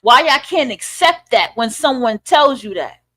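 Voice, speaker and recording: A woman's voice: high voice, lively intonation, measured pace, fairly bright tone. Profane, preachy woman podcast host. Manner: blunt, profane, preachy, with rhetorical questions. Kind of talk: ranting commentary monologue.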